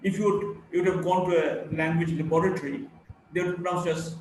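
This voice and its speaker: A man teaching a live online class, who speaks deliberately and demonstrates stress patterns by repeating example sentences aloud. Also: high voice, steady tone, a little mellow, distant mic. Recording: very echoey room with faint noise.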